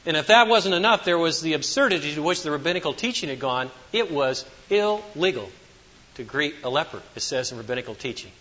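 Pastor, male, higher-pitched voice, dramatic preaching that swings loud to soft, dull lo-fi church recording with long reverb. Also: lively intonation, brisk. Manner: emphatic, swinging between loud declarations and hushed asides. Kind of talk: sermon.

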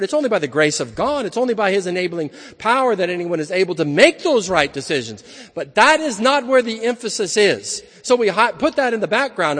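A man's voice: high voice, fairly bright tone, big-room sound. A man preaching an evening sermon in an earnest, emphatic manner, building his points through repeated phrases.

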